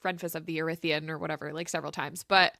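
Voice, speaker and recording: A woman's voice: deep voice, level tone, fast, gravelly, pushed and bright, no room sound, studio quality. A woman co-hosting a casual book club podcast, thinking aloud with many restarts. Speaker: podcast co-host.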